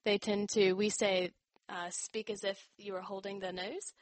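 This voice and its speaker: A young woman from North Carolina talks in a relaxed, chatty way, her accent a blend of American, Australian and British. Her voice sits in an ordinary middle range and is recorded dry and close, with no room sound. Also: mid-range voice, normal speed, no echo. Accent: mixed American, Australian and British. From North Carolina, USA. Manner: chatty, with frequent ums and soft laughs. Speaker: interviewee. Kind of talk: casual conversation.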